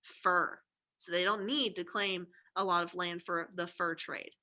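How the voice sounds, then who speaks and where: A woman's voice: on the low side, fairly even intonation, a little slow, sharp tone. A woman giving a recorded history lecture, chatty and informal, often checking in with "okay?" and throwing in jokey asides. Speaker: history teacher.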